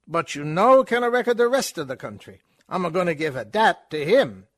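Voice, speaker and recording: A boisterous mock-Italian comic schemer, put on by a man reading aloud, mangling his English with gusto. The voice sits high and leaps around lively, loud and bright. It is recorded dry and close. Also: fairly quick, no echo. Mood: excitable. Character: brash wisecracking male schemer, mock-Italian.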